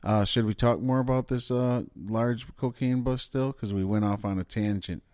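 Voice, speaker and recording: A man's voice: mid-range voice, fairly even intonation, moderate pace, darkish tone, no room sound, studio quality. A man hosting a podcast, talking in a loose, profane, rambling casual chat. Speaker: podcast host.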